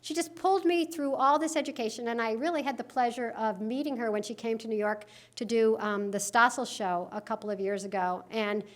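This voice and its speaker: A middle-aged woman giving a lively, sarcastic talk at a conference, laughing at her own jokes. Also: fairly high pitch, a little fast, few pauses. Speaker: conference speaker. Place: conference hall.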